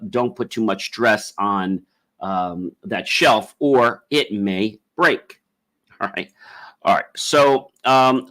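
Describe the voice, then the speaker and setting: A man hosting a solo podcast, rambling with frequent ums and uhs and guiding listeners through slow breathing. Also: on the low side, fairly bright tone. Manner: leads a slow guided breathing exercise. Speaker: podcast host.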